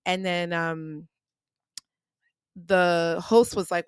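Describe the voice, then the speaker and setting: A grieving woman hosts her own podcast, telling a story candidly and casually, often repeating herself as she works through her loss. Her medium-pitched voice is clean and measured, with no echo.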